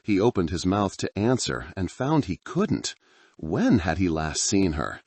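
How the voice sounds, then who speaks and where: A man's voice: deep voice, sing-song, unhurried, darkish tone, breathy edge, no room sound. A man reading a thriller story aloud as narrator, in a dramatic, tense storytelling manner. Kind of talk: scripted narration.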